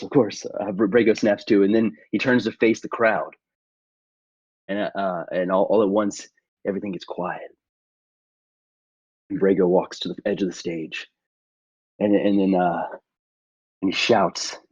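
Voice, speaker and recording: Husky guy rambling through his character's moves, dry lo-fi mic. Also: deep voice, a little mellow, dry recording. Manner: hesitant, rambling with fillers. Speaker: player. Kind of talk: narrating his character's actions.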